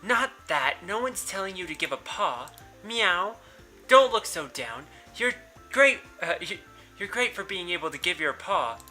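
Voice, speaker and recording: A man's voice: high voice, very animated, a little slow, pushed and bright, soft background music, full character voice. A man reading a brusque teenage girl in a visual novel as she bosses her cats around in a curt, scolding way.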